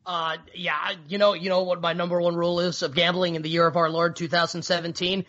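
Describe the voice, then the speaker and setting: Brash fast-talking man, high bright voice. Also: level tone. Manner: brash, teasing, emphatic. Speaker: podcast co-host. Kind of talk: casual sports betting chat. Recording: dull lo-fi podcast audio.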